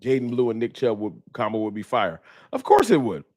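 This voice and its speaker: A man's voice: mid-range voice, a little fast, no echo. A man hosting a casual fan talk livestream, emphatic and slangy, repeating himself as he argues his points into a close mic. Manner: animated, emphatic, repetitive, slangy. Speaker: host.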